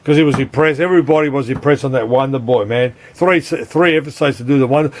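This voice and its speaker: A man's voice: medium pitch, fast, few pauses. Rambling, swearing Australian man. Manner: rambling, swears often, keeps saying "mate". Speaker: arcade board repairer. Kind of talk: casual unscripted video chat.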